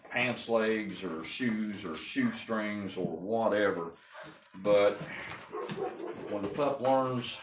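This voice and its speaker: Low-voiced folksy man training a puppy. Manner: folksy, rambling, with many ums and restarts. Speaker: dog breeder and trainer. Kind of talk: casual training talk to a wall camera. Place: small indoor room with a puppy. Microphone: fixed camera on the wall. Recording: echoey room with clear background noise.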